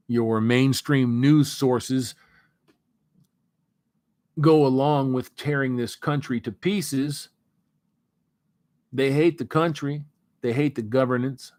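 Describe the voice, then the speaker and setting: A man hosting a casual livestream, reading out viewer comments in a relaxed, rambling way before sliding into an earnest pep talk. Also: medium pitch, slow, pauses often, no room sound, studio quality. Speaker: livestream host.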